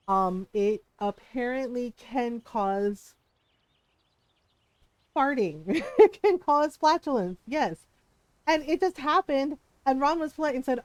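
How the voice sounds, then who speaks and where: A woman's voice: high voice, no room sound. A middle-aged woman streamer chatting casually while gaming, telling a story with frequent laughter and acted-out quotes.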